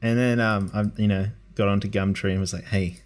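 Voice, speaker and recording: A man's voice: lowish voice, flat delivery, a little fast. Rambling, swearing man hosting a podcast. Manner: rambling storytelling, swears freely. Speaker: podcast host. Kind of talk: casual podcast chat. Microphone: online call mic.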